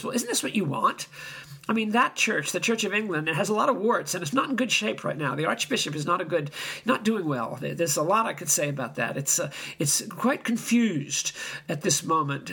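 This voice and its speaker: An older man preaching, telling stories in an animated and emphatic way, often chuckling. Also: sits high, vocal fry, breathy edge. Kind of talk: anecdotal sermon.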